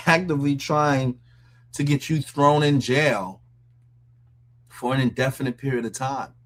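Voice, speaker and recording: A man hosting a casual commentary show, reacting with mocking disbelief and frequent laughs. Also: mid-range voice. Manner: incredulous, mocking, laughs often. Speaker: commentary host.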